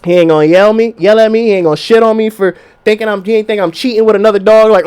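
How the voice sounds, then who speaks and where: A man's voice: sits high, fast, few pauses, smooth. A young adult man hosting a podcast, talking in a casual, profane monologue and acting out voices as he goes. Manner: profane, animated, acts out quoted voices. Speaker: podcast host.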